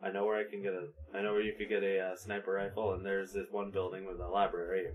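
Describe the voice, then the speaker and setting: A man's voice: low voice, completely flat delivery, quick pace. A young man from the United States, co-hosting a podcast, ranting in casual chat with heavy profanity. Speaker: podcast co-host.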